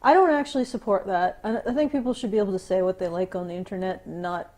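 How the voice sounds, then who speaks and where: A woman's voice: medium pitch, fast talker, darkish tone. A woman co-hosting a podcast, giving sarcastic, profane commentary that she keeps stopping to restart. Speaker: podcast co-host. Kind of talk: casual ranting commentary.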